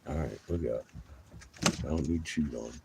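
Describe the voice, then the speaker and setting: A man's voice: extremely low pitch, vocal fry, noisy background. A man vlogging from inside a vehicle, chatting to viewers with frequent laughs and cooing baby talk at a puppy. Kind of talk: casual chat to viewers.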